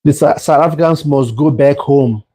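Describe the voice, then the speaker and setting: A man's voice: a little high, normal speed, warm tone. A man hosting a casual football watchalong, chatting about the match, repeating phrases and stumbling over his words. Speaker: watchalong host. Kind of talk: casual live match reaction.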